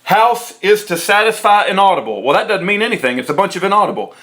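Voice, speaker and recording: Talking fast in a sing-song way, the man reads the court transcript with a low, mocking voice for the quoted lines, surrounds it with sarcastic, indignant commentary, and erupts into shouts.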